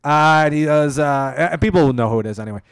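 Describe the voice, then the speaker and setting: A man's voice: a little high, fast, smooth, dry recording, studio quality. A man co-hosting a podcast, telling a rambling, profane story in casual chat. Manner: rambling, profane, quotes people in put-on voices. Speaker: podcast co-host.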